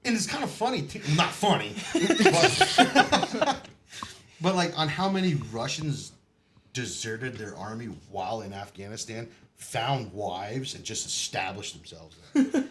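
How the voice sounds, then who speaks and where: A man telling his military stories in casual podcast chat, swearing often, laughing, and shouting out the quoted lines. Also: mid-range voice, very animated, a little slow, a little hiss or hum. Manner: profane, laughing, acts out quotes loudly. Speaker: podcast guest. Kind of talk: casual storytelling.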